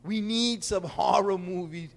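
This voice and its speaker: A brash man from Puerto Rico hosting a comic monologue, his voice sitting very high for a man. He jokes loudly and breaks into sudden shouted bursts. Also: measured pace, gravelly. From Puerto Rican. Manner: brash, joking, loud bursts. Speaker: host. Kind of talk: stand-up style monologue.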